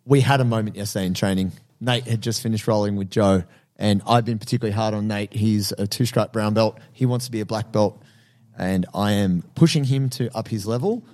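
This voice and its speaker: A man, co-hosting a casual podcast and telling stories in an animated way, acting out his own reactions. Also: lowish voice, brisk. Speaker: podcast co-host and jiu-jitsu coach.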